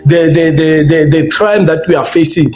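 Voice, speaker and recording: A man's voice: fairly high pitch, normal speed, darkish tone. Heated man, faint music. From South Africa. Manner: repetitive, confrontational, stumbling restarts. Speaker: livestream debater. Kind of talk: heated livestream argument.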